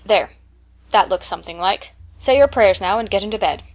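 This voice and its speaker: A woman's voice: medium pitch, moderate pace, close to an everyday voice. A woman reading an audiobook and voicing a strict, stiff elderly spinster who scolds a child. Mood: scolding.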